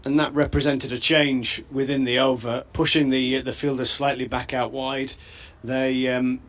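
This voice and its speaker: Measured male cricket co-commentator. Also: mid-range voice, flat delivery, fairly bright tone. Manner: thoughtful, measured, with fillers. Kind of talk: live cricket analysis.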